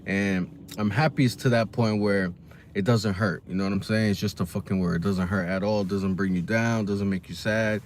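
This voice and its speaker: A man's voice: on the low side, fairly even intonation, normal speed, a little hiss or hum. A man talking casually to the camera in a reaction video, slangy and rambling, with lots of fillers. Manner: laid-back, slangy, rambling with many fillers. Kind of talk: casual commentary monologue.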